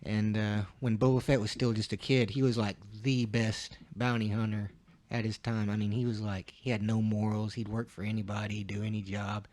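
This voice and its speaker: A man's voice: on the low side, level tone, moderate pace, darkish tone, no echo. A man guesting on a casual podcast chat, laid-back and explaining fan lore.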